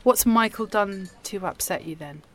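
A woman playing an unbothered talent agency assistant, deadpan and giggly, in a scripted comedy sketch. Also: mid-range voice, moderate pace, a little hiss or hum, close to an everyday voice.

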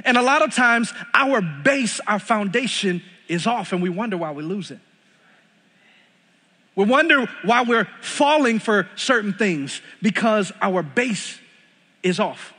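A man's voice: high voice, expressive, unhurried, pushed and bright, breathy edge. A young man with a Texan accent preaching a sermon as pastor, emphatic and repeating lines for stress. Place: church sanctuary. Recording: long reverb of a large hall.

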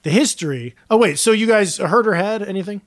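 A man's voice: sits high, brisk, no echo, clean studio sound. A man co-hosting a casual podcast chat, jokey and rambling, with frequent fillers as he presents the drink of the day.

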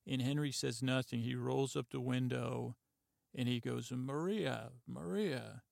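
A man hosting a podcast, softly retelling a TV episode in a halting, meandering way full of "uh" and "like". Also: mid-range voice, monotone, vocal fry, no echo, clean studio sound. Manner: halting, lots of "uh" and "like", quiet and meandering. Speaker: podcast host. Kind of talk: rambling sleepy retelling of a TV episode.

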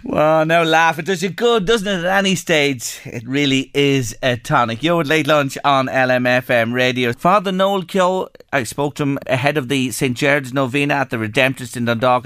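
A man's voice: a little high, a bit bright, clean tone, no echo, clean studio sound. A man with an Irish accent hosting a local radio show in easy, friendly chat.

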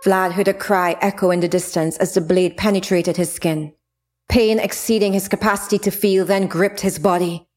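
A woman's voice: mid-range voice, steady tone, normal speed, darkish tone. Woman narrating a fantasy story. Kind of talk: audiobook narration of a fantasy novel.

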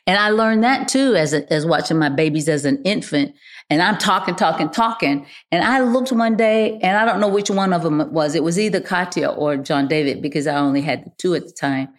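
An older woman speaks as a guest in a relaxed conversation, her voice sitting a little low. She tells stories with animation, leaning on repeated phrases to drive each point home. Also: brisk. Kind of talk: casual chat.

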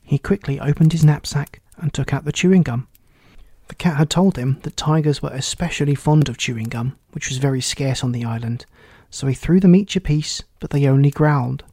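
A man narrating a children's storybook aloud in a steady, clear reading voice. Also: a little high, brisk, no echo, studio quality.

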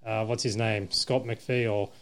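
A man's voice: on the low side, little pitch movement, a little slow, clean tone. A man hosting a casual podcast chat, jokey and laughing often. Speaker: podcast host.

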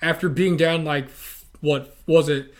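A man with a somewhat higher voice, chatting casually with a friend. He talks in a loose, conversational way and drops in dry, sarcastic asides. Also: steady tone, unhurried. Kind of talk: casual chat.

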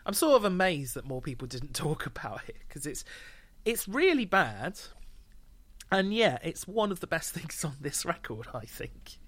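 A man's voice: fairly high pitch, big pitch swings, normal speed, fairly bright tone, dry recording. A man on a podcast, casually chatting about an album with dry, sweary humour and laughter. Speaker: podcast co-host. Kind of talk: casual chat reviewing an album.

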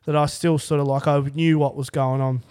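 A man's voice: fairly high pitch, level tone, brisk, darkish tone, clear, resonant tone. Swearing Australian man telling a story. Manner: swears freely, rambling with restarts. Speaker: podcast guest. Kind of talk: casual storytelling chat.

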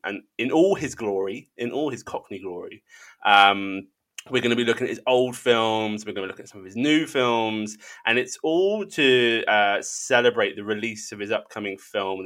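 A man's voice: on the low side, fairly bright tone. A man from England hosting a casual film podcast, chatty and self-deprecating. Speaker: podcast host.

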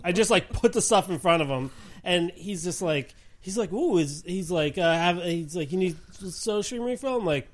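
A man co-hosting a casual chat, telling an animated, swear-filled story and acting out what people said. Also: high-pitched, normal speed. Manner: animated storyteller, swears a lot, acts out quotes. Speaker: podcast co-host.

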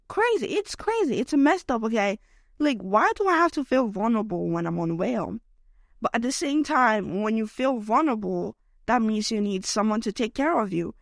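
A woman's voice: mid-range voice, no echo, clean studio sound. Unwell young woman rambling on a podcast. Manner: rambling and emotional, lots of "like" and "okay?". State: unwell, voice affected by illness. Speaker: podcast host. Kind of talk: solo podcast rant.

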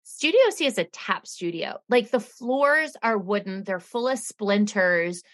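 A woman talking casually on a podcast, recapping an episode with a dry, sarcastic edge. Her pitch sits in a middle range, and she tells the story at an easy, conversational clip. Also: unhurried. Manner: chatty, sarcastic, animated retelling with quoted voices. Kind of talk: casual chat.

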